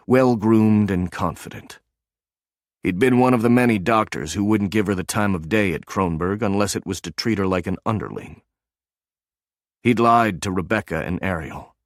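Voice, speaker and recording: A man with a fairly low voice narrates an audiobook in a measured, even storytelling style. The clean studio recording has no room sound.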